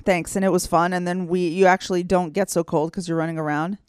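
A woman's voice: on the low side, steady tone, fast, darkish tone, clear, resonant tone, no room sound, clean studio sound. Playful woman co-hosting a talk show. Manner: playful, joking. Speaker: co-host. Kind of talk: casual co-hosted radio chat.

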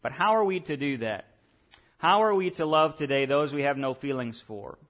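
An animated male pastor with a fairly high pitch gives a sermon at a moderate pace. He asks the church crowd direct questions, moving back and forth between quiet asides and booming points of emphasis.

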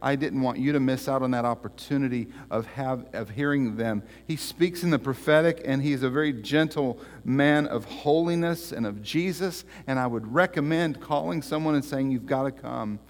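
A pastor gives announcements from the pulpit, halting and full of fillers, then lively as he tells a story. His voice sits in the middle range for a man. A long reverb trails every phrase in the church sanctuary. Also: mid-range voice. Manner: halting, with many fillers and restarts, growing animated in stories. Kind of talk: church announcements and joke telling.

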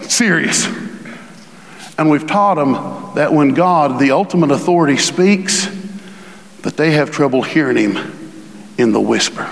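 Man, pastor, sermon, unhurried delivery, hushed to booming, reverberant hall. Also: animated, gravelly. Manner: swings from hushed to booming when reading scripture.

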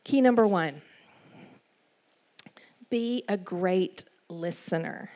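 A middle-aged woman with an East Texas accent, preaching a sermon in an animated storytelling way with asides. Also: lowish voice, takes it slowly. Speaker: church speaker.

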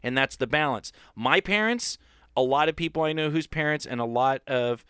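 Male podcast co-host, smooth and clear, rambling explainer, dry close mic. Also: fairly high pitch, moderate pace, sharp tone, no echo. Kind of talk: casual podcast chat.

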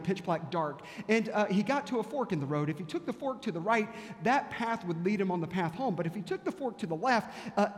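A male pastor preaches with a high-pitched voice, building his sermon through story and rhetorical questions. A long reverb hangs after each phrase in a large church sanctuary.

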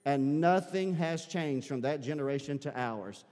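A man's voice: a little high, measured pace, a little mellow. A man preaching a sermon as pastor, building emphasis with repeated calls to his congregation. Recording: long hall reverb.

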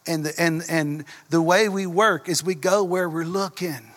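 A pastor putting on a drawling Southern football coach. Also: male voice, fairly even intonation, a little slow, fairly bright tone. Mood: stern. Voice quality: deep drawling voice. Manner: stern, barking instructions. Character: gruff older male Southern football coach.

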